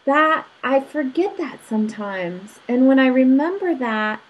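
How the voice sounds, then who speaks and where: A woman's voice: sits high, lively intonation, measured pace, muffled recording. A woman hosting an interview, asking reflective and personal questions about parenting her daughter. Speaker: host.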